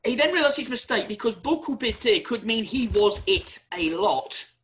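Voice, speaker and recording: A university lecturer giving a webinar talk, animated and wry, often spelling words out letter by letter. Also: mid-range voice, normal speed, rough recording.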